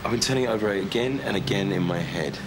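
A man's voice: fairly low pitch, quick pace, natural voice. Man playing a pleading, wounded man. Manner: pleading, insistent. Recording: noisy TV drama sound.

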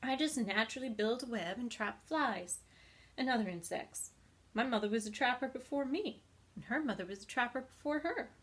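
A clever female spider speaks in a thin, pleasant, fairly high voice, as a woman reads her part. She is calm and matter-of-fact, brisk when she explains herself. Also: natural voice. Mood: explaining.

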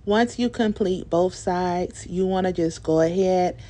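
This DIY video creator, a young woman, narrates a home tutorial in a relaxed, chatty voice-over full of fillers. She speaks unhurriedly with a fairly low pitch and a dark tone.

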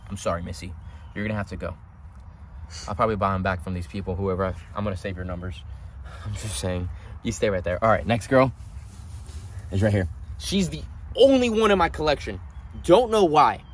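A man hosting a casual vlog at his animal ranch, gushing with excitement and at times quietly sad. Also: lowish voice, fairly quick, long pauses, a little hiss or hum. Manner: gushing, excitable, swings from loud delight to quiet sadness. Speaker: reptile breeder and channel host. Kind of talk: casual vlog talk to camera.

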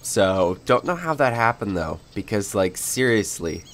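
A man's voice: on the low side, very animated, a little slow, faint music behind. A young man hosting a casual game video, rambling with lots of fillers and little laughs. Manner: rambling, filler-heavy, giggly. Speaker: gaming YouTuber. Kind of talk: casual let's-play chat.

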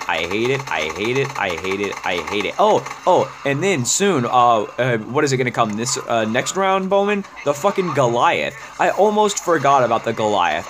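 A man rants about a game he hates, his voice leaping high and dropping low as he swears. His pitch sits in the middle of the usual range. Steady background noise runs under his commentary. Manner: exasperated, profane ranting, swinging pitch up and down. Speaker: gaming YouTuber. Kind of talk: gameplay commentary rant.

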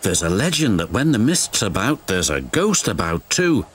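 A man's voice: on the low side, sing-song, moderate pace, slight background noise. A man voicing a wise older male steam engine in a storybook reading, murmuring. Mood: ominous. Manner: hushed, murmuring. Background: music.

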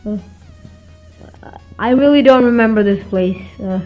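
A woman's voice: a little high, unhurried, pauses often, darkish tone, soft background music, low-quality recording. A young woman with a put-on accent commenting on gameplay, stammering and exclaiming as she reacts. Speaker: gaming video host.

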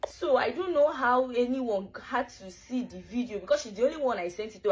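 A woman's voice: fairly high pitch, low-quality recording. A woman in a played clip, pleading and apologizing over and over. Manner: pleading, repetitive.

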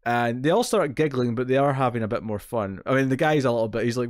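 A British man talks through an episode recap in a loose, chatty way, often restarting his sentences. His voice sits at a middling pitch. It is recorded close and dry, with little room sound. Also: fast talker, no echo. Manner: rambling, restarts a lot, recaps the plot in detail. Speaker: podcast co-host. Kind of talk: casual TV recap discussion.

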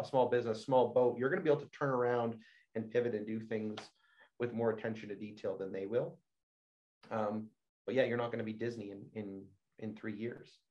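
A man co-hosting a marketing meetup, giving energetic advice and often repeating words as he starts his sentences, over a video call. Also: medium pitch. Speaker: marketing agency co-host. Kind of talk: casual advice on a livestream. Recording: dull lo-fi video call audio.

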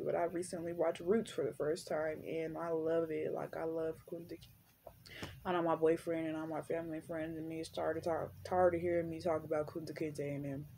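A young woman chatting casually on her vlog, rambling with lots of fillers and relaxed slang. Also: sits low, a little hiss or hum. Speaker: vlogger.

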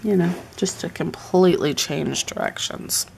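A woman's voice: mid-range voice, big pitch swings, takes it slowly, creaky, long pauses, slight background noise. A woman chatting casually on a live stream while decorating a planner at home, muttering asides to herself as she works.

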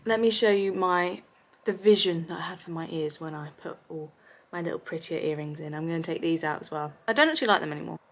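A woman's voice: lowish voice, fast talker. A young woman chatting to camera in a casual vlog from a hotel room, bubbly and self-deprecating. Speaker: vlogger.

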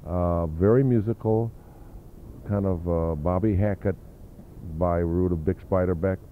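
An older man with a very low voice tells long, rambling stories from his past, stopping often to hunt for names. The sound is thin and tinny like an old phone-line tape with a faint hiss under it. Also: fairly even intonation, measured pace. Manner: rambling anecdotal storytelling with fillers. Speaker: interview guest, drummer. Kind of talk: reminiscing interview.

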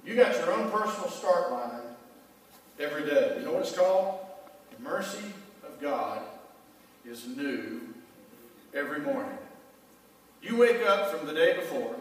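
A man's voice: a little high, expressive, moderate pace, pauses often. A male pastor preaching a conversational sermon in a church and calling out questions to the congregation. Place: church sanctuary. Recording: echoey church hall from far off.

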